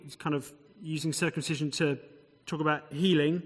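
A man's voice: on the high side, fairly even intonation, moderate pace, husky. A man preaching a sermon, explaining scripture with conversational asides and rhetorical questions. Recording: long hall reverb.

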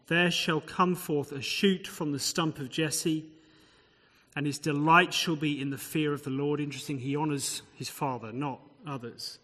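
A man's voice: fairly high pitch, steady tone, moderate pace, pushed and bright. A man preaching a sermon, explaining scripture with conversational asides and rhetorical questions. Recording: long hall reverb.

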